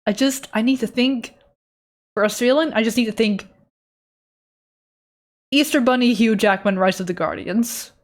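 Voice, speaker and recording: A young art streamer chats and rambles while drawing live, giggling and poking fun at herself often. Her voice is fairly high, at normal speed, with long pauses.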